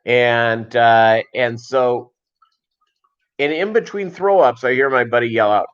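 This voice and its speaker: A man's voice: mid-range voice, lively intonation, unhurried, highs cut off. A middle-aged man hosting a livestream, telling a long story in a loose, rambling way with many restarts and asides. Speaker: livestream host.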